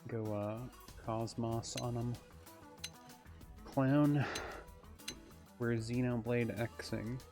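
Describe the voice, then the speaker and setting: A man's voice: mid-range voice, steady tone, drawn-out words, pauses often. A man streaming a game live, musing aloud in a rambling, casual way. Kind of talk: casual live gameplay commentary. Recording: soft mic under loud game music.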